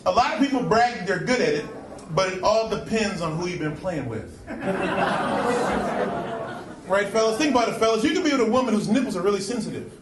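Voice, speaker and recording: High lively male stand-up comic. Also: moderate pace, long pauses. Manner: animated storytelling, slips into celebrity voices. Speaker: stand-up comedian. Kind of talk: stand-up routine. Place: comedy club stage. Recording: roomy club sound from a distant mic, crowd laughter and noise.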